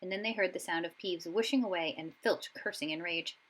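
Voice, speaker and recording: A woman reading a children's storybook aloud, expressive and giving each character a voice. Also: lowish voice, brisk, poor audio. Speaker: audiobook reader.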